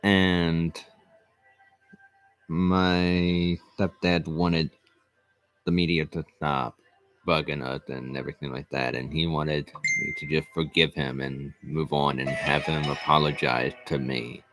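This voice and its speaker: Deep-voiced man earnestly telling a personal story. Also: level tone, music in the background. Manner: earnest, repetitive, halting restarts. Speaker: vlog host.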